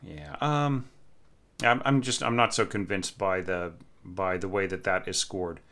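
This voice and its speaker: A man's voice: sits low, moderate pace, sharp tone. A man critiquing orchestration scores in a casual, thinking-aloud way, with many fillers, often humming the parts he is reading. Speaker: orchestration teacher reviewing scores.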